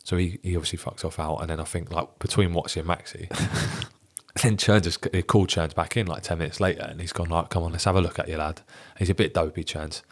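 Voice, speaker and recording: Man, young adult, deep and quick, profane guest storyteller. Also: fairly even intonation. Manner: swears often, laughs through his own story. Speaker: ex-professional footballer guest. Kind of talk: casual podcast storytelling.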